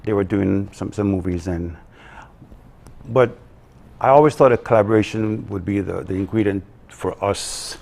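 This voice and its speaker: A man, a production company co-owner interviewed on a live morning show, talking haltingly with many ums and restarts. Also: lowish voice, gravelly, a little mellow. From Belize.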